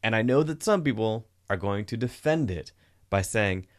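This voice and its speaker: A man co-hosting a podcast, chatting casually about a film in an animated, rambling way that corrects itself. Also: lowish voice, moderate pace. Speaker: podcast co-host. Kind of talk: casual movie review chat.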